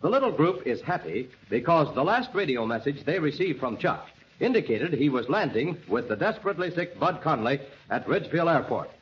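A male announcer with a fairly high voice that swoops up and down as he pitches products and sets up the story. The sound is a dull, lo-fi old radio recording. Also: big pitch swings, fairly quick, hardly any pauses, a little hiss or hum. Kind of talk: 1930s radio ad and story narration.

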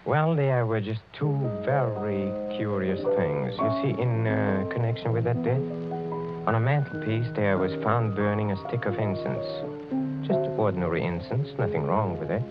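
A middle-aged actor playing a sinister aristocratic count who speaks in a smooth, insinuating way and chuckles often, in an old radio drama. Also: male voice, fairly low pitch, animated, normal speed, loud music behind the voice. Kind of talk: 1940s radio acting. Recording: dull lo-fi old radio broadcast.

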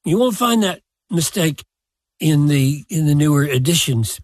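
An older man, a pastor, answering a question slowly and deliberately, with self-deprecating chuckles. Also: on the high side, animated, no echo, clean studio sound. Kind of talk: reflective podcast answer.

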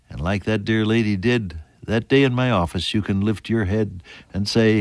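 An older man preaching a sermon. He rises to loud emphasis on scripture and drops to soft, near-whispered lines. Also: lowish voice, a little slow, no echo. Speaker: pastor.

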